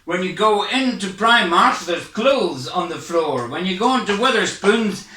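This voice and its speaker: A Scottish man fires off a jittery, self-mocking stand-up set from home, sounding out of breath. His voice sits high and bright. He sits back from the webcam in an echoey room. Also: lively intonation, a little slow, slight background noise. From Scotland. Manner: hyper, rambling, self-mocking. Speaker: stand-up comedian. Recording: echoey room, far from mic.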